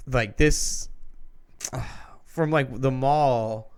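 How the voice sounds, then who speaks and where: A man's voice: medium pitch, very slow, clean tone. A man co-hosting a podcast who tells a long story in a casual, rambling way, swearing often and restarting his sentences. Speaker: podcast co-host.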